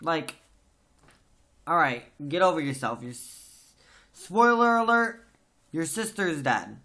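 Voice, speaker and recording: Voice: mid-range voice, animated, takes it slowly, pushed and bright. A podcast host in a casual book discussion, talking emphatically and venting strong opinions.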